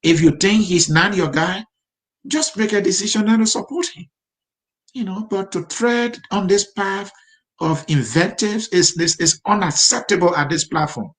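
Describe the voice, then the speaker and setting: Hombre liberiano, presentador firme. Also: male voice, sits high, expressive, moderate pace. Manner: stern, scolding viewers. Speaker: interviewer, show host. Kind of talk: live online political interview.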